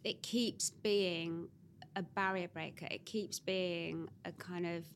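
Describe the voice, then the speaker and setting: A woman's voice: on the low side, fairly even intonation, slow, a little hiss or hum. A woman hosting a podcast, wrapping up an interview with effusive praise for her guest. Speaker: podcast host. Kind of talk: interview wrap-up.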